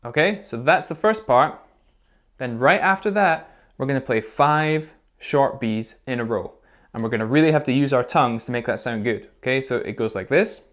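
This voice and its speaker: A man at a middle pitch, teaching recorder to young children in a lesson video. He walks through each step patiently and keeps encouraging the kids. He checks in with a quick "okay?" every few phrases. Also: lively intonation. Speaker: music teacher.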